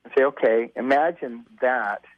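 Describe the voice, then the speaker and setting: A man in his fifties, a musician guest telling stories over the phone, animated and acting out the voices of the people he quotes. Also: mid-range voice, normal speed, dry recording. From United States. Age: 50s. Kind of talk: casual storytelling on a phone interview. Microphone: telephone. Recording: tinny phone line.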